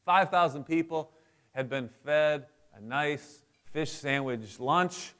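Here a middle-aged male pastor delivers a sermon as if chatting, regularly inviting responses from the congregation. He speaks slowly in a somewhat high, slightly bright voice that is clear and resonant.

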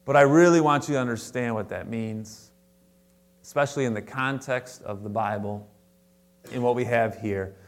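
Male pastor, mid-pitched, conversational sermon with emphatic bursts and asides. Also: normal speed. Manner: conversational preaching with frequent restarts and asides; animated, stressing words with sudden louder higher bursts. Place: church sanctuary before a congregation.

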